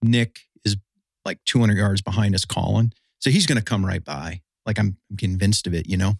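A man's voice: fairly low pitch, moderate pace, gravelly, breathy edge, dry recording, clean studio sound. A man telling a long hunting story in casual chat, rambling and full of fillers.

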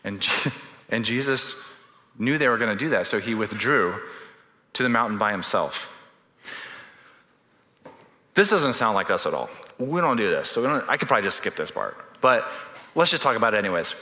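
A man's voice: fairly low pitch, very animated, normal speed, long pauses, bright, forceful tone. A man preaching a sermon, reading scripture and breaking into humorous, conversational asides. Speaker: pastor. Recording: echoey hall reverb.

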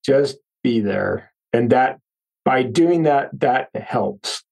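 Husky-voiced male podcast host. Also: mid-range voice, expressive, takes it slowly, a little mellow, poor audio. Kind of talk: podcast interview.

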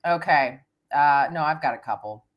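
A woman with a notably low voice co-hosts a casual podcast. She tells stories with energy, laughs often and acts out what people said. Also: moderate pace, dull audio, background noise. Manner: animated storyteller, acts out quotes in a high voice; laughs often, big vocabulary. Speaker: co-host. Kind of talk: casual podcast chat and storytelling.

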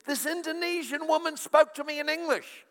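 A man voicing his excited nine-year-old daughter, high and rushed, in a long hall echo.

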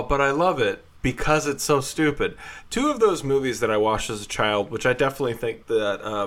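A man's voice: lowish voice, sharp tone. A young man co-hosting a podcast, telling a funny story in casual chat and acting out the quotes with animation. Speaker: podcast co-host.

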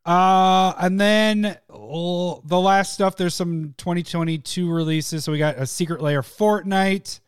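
A man co-hosting a podcast, excitable and giggly, talking in quick bursts. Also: high voice, clear, resonant tone, no echo, clean studio sound. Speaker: podcast co-host. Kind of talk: casual chat about card games.

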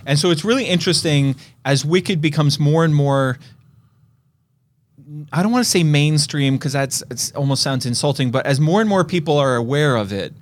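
A man's voice: fairly high pitch, lively intonation, moderate pace. A man co-hosting a film podcast, talking in a rambling casual way with many restarts. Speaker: podcast co-host. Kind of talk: casual chat.

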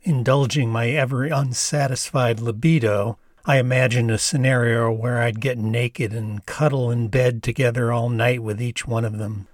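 A man's voice: mid-range voice, fairly even intonation, no room sound, studio quality. Older man reading his memoir. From United States. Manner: measured, reflective storytelling. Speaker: author and narrator. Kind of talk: memoir narration read aloud.

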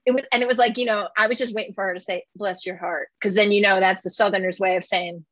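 A woman hosting a casual interview, chatty and quick to tell a story. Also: medium pitch, fairly even intonation, fairly bright tone, dry recording. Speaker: podcast host. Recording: dull muffled sound.

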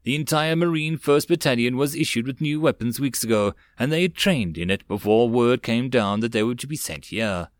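Male audiobook narrator, steady storytelling, dry close recording. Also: medium pitch, normal speed, hardly any pauses, no echo. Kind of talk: web novel audiobook reading.

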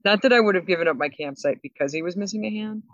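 Woman co-host, animated storyteller, laughs a lot, dry dull lo-fi sound. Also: fairly low pitch, no echo. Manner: animated storyteller, laughs often, quick asides. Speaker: podcast co-host. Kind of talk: casual chat.

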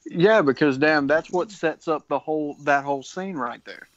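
A man's voice: fairly high pitch, moderate pace, dry recording. Man swearing casually, dull dry sound. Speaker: podcast co-host. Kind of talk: casual film discussion.

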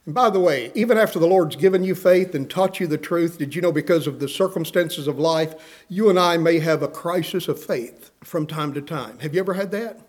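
A man's voice: a little high, a little fast. A man preaching a sermon in a slightly raised voice. He talks in a rhythmic preaching cadence that swells into pleading outbursts. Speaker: pastor.

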